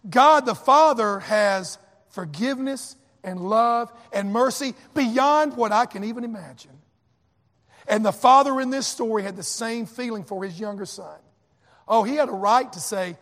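A man's voice: very high voice, measured pace, fairly bright tone, long reverb tail. A man preaching a sermon as pastor, with emphatic repetition and acted quotes.

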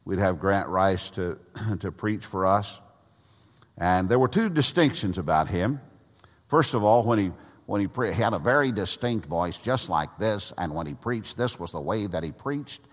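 Older pastor, lowish voice, emphatic folksy sermon delivery, hall reverb. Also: male voice, animated. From Tennessee, USA. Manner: preaching with emphatic pauses, folksy anecdotes.

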